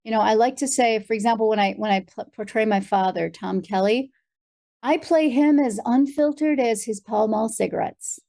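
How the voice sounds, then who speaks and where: A woman's voice: fairly high pitch, moderate pace, gravelly. An American woman, a performer, telling stories as a guest in a conversational interview, with lots of fillers. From United States. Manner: animated storyteller, frequent fillers.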